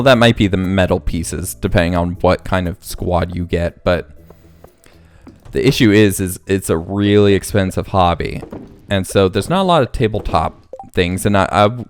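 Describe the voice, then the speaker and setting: A man hosting a casual let's play, rambling and thinking aloud as he plays. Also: on the low side. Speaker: gaming channel host.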